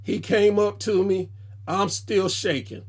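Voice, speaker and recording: Animated man telling wrestling stories. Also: high-pitched, takes it slowly. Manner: animated, jumps into voices when quoting people. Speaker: podcast guest. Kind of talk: casual storytelling.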